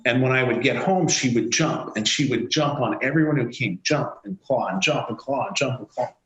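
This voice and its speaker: A man's voice: mid-range voice, normal speed, echoey room, slight background noise, rough recording. A man, a company CEO, telling a story in an interview and acting out the quoted dialogue. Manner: animated, acts out quoted dialogue. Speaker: CEO guest. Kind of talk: anecdotal storytelling.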